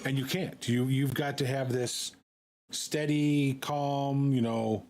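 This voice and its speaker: A man streaming, talking in a casual, halting way with many fillers and repeated words. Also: mid-range voice, fairly even intonation, darkish tone. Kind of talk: casual live-stream chat.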